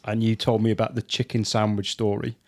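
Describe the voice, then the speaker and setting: A man's voice: lowish voice, level tone, fairly quick, gravelly. A man hosting a podcast, talking casually and coaxing a guest into telling another story. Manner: enthusiastic, coaxing. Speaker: podcast host. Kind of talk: casual chat.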